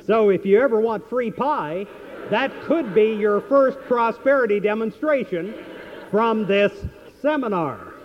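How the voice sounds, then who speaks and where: A man's voice: sits high, animated, measured pace, a little hiss or hum. A man giving a motivational seminar, telling stories earnestly and repeating his key questions, on a dull lo-fi recording. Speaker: seminar speaker. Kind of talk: motivational seminar talk with storytelling.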